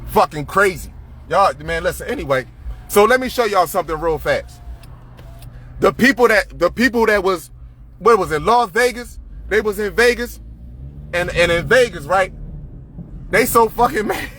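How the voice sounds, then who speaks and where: A man's voice: sits high, lively intonation, normal speed, long pauses, fairly bright tone, a little hiss or hum. A man ranting to camera, profane and confrontational, repeating himself.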